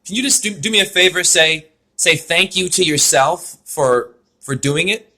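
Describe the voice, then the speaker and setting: A man's voice: fairly high pitch, moderate pace, bright, forceful tone. A man giving a spiritual name reading over a video call, talking in an effusive, rambling way full of wordplay.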